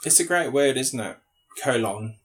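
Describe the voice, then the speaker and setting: A man's voice: mid-range voice, expressive, moderate pace, a bit bright, slight background noise. A man co-hosting a casual podcast, joking crudely and swearing freely. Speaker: podcast co-host.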